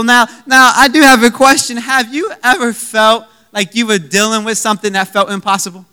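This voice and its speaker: A young adult man preaching a sermon, telling a funny personal story with lively acted-out quotes. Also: sits high, smooth. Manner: animated, humorous, acts out own quoted lines. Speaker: pastor.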